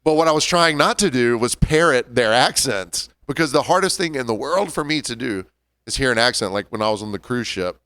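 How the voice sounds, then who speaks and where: A man's voice: medium pitch, lively intonation, brisk, a bit bright, no echo. Man rambling through a story. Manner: rambling anecdotal storyteller with restarts. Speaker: podcast co-host, bartender. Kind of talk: casual banter.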